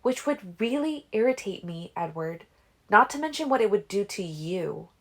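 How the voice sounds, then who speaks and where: A woman's voice: a little high, lively intonation, measured pace, darkish tone, pitched above the performer's own voice. A woman reading a fan-made audiobook, voicing an insistent teen girl vampire seer in a raised, lilting voice.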